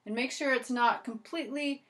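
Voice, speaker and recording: A woman's voice: fairly high pitch, normal speed. Chatty woman violin teacher. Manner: chatty and encouraging, with lots of "so" and "okay". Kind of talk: instructional video lesson. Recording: loud violin playing between phrases.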